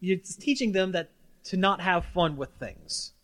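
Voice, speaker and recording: A man hosting a casual podcast chat, animated and often stumbling and repeating his words. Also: sits high, a little slow. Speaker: podcast host.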